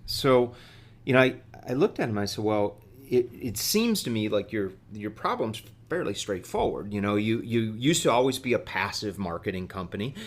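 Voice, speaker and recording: Middle-aged male podcast guest, low-pitched, rambling anecdote full of restarts. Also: animated. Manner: halting, many fillers and repeated words. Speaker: guest executive. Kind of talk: storytelling in a podcast interview.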